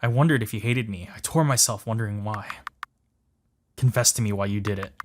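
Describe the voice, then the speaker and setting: Hansel, a man doing a gentle lover. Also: lowish voice, brisk, a little hiss or hum, natural voice. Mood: sorrowful. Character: gentle, devoted young male lover. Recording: music playing behind.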